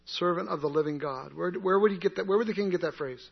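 A man's voice: sits high, quick pace, creaky, husky. A man teaching an interactive Bible class in a conversational way, asking the group questions and answering them himself. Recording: dull lo-fi recording.

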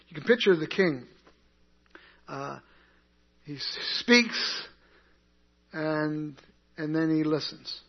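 A man's voice: fairly high pitch, measured pace, creaky, long pauses. A man teaching an interactive Bible class in a conversational way, asking the group questions and answering them himself. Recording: dull lo-fi recording.

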